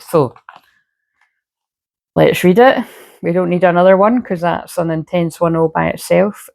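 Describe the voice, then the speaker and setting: A woman's voice: on the low side, vocal fry, darkish tone. A woman giving a casual, rambling astrology reading full of fillers. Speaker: spiritual reader.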